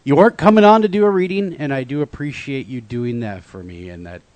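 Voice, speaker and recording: A male radio host talking in an interview in a halting, heartfelt way. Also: mid-range voice, lively intonation, darkish tone, dry recording. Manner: halting, heartfelt, with many restarts.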